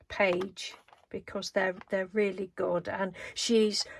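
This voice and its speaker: A woman chatting casually through a craft show-and-tell, rambling and laughing now and then. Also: mid-range voice. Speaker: craft vlogger.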